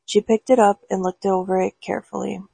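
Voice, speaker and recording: Creaky husky woman reading stories. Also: mid-range voice, flat delivery, brisk, mellow, no echo, rough recording. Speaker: storyteller. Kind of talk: storybook reading aloud.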